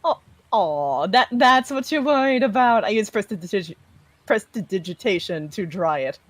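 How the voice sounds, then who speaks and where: A woman's voice: medium pitch, lively intonation, moderate pace, dry recording, low-quality recording. A woman playing a tabletop role-playing game, teasing and playful, laughing often. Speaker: player.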